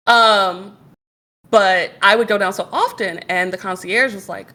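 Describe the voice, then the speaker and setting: A woman's voice: mid-range voice, normal speed, pauses often. A woman in her thirties, a podcast guest and streamer, chatting casually and telling stories, acting out the other people's lines as she goes. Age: 30s. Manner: animated storyteller who acts out quoted dialogue. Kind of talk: casual chat.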